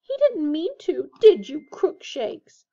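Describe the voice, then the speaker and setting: An eager, bossy schoolgirl who gushes and talks briskly, played by a woman reading aloud. Her voice is pitched high and comes through a dull, lo-fi recording. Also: animated, a little mellow. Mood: gushing. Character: eager, bossy teenage girl.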